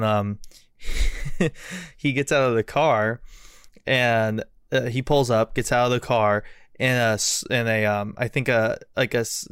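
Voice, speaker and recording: A man's voice: mid-range voice, fairly bright tone, clean tone, dry recording. Male podcast host, casual, rambly, lots of "like" and cursing, dry close mic. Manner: rambling, swears a lot, many fillers. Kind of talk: casual chat.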